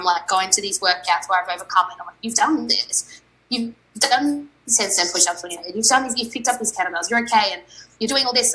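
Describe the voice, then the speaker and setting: A woman's voice: mid-range voice, bright, forceful tone, poor audio. A young adult woman, an athlete guest on a podcast, telling a story candidly and animatedly and quoting her own thoughts.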